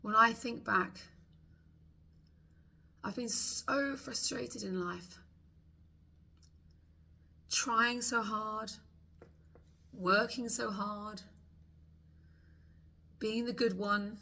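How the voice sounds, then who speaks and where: A woman leading a guided tapping meditation, slowly voicing frustrated thoughts for the listener to repeat. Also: medium pitch, creaky, pushed and bright, husky. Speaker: tapping coach.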